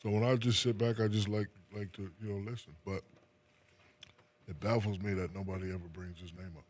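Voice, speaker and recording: A retired basketball player from New Jersey, a man who speaks casually as an interview guest, laid-back and soft-spoken, often trailing off with fillers. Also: on the low side, steady tone, a little fast.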